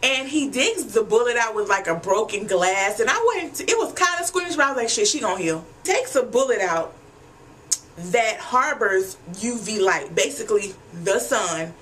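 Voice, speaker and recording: A talkative woman with a fairly high voice, chatting through an episode recap in a blunt, freewheeling way. She swears casually and keeps turning to her audience as if they were friends on the couch. A faint hiss sits under her voice. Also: expressive, moderate pace, a bit bright. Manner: chatty, blunt, freely profane, addresses viewers as y'all.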